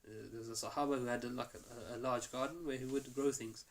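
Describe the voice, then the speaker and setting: A male teacher tells a story to his class, acting out each quoted line with energy. His voice sits at a medium pitch. The lesson is recorded in a mosque. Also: fairly even intonation, quick pace.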